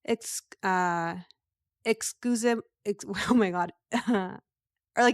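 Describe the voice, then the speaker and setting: A woman's voice: mid-range voice, takes it slowly, pauses often, dry recording, clean studio sound. A woman in her thirties hosting a podcast in a casual, rambling way, laughing often. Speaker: podcast host.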